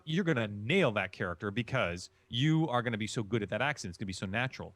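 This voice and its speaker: Lively, dry-voiced man explaining voice acting. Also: fairly low pitch, fast, few pauses, no room sound. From Chicago. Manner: emphatic, explanatory, repeats key phrases. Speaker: voice-acting guest. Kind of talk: instructive interview answers.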